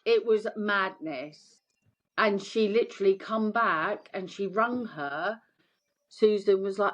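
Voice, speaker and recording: A woman's voice: mid-range voice, measured pace. Woman telling her story animatedly. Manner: animated, acts out quoted voices. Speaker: guest. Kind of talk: storytelling interview.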